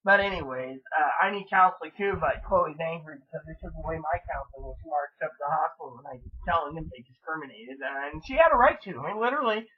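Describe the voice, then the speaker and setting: A man's voice: a little high, expressive, quick pace, few pauses, breathy edge. A man who works as a minister, chatting casually and rambling between topics in a vlog. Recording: distant tinny phone-like sound.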